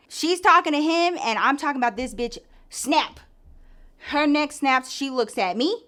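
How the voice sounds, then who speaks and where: A woman's voice: sits high, animated, a little slow, sharp tone. A young adult woman telling a story from her own life in a casual storytime, chatty and profane, leaning hard on "like". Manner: chatty and profane, heavy use of "like". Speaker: storyteller vlogger.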